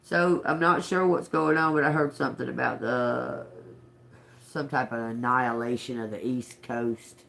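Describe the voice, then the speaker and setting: A man's voice: medium pitch, fairly even intonation, moderate pace, gravelly, a bit bright. A man giving a loose, casual tarot reading on a livestream, speaking straight to his audience in a conversational way. He laughs often between thoughts and turns blunt and profane when he answers commenters. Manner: chatty, talks straight to viewers, laughs often; swears, snaps back at chat commenters. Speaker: tarot reader, livestream host.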